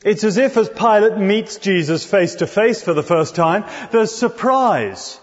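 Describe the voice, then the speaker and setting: A man's voice: high voice, expressive, a little slow, hardly any pauses. A man preaching an expository sermon, talking conversationally and putting rhetorical questions to his listeners. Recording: dull recording in a reverberant hall.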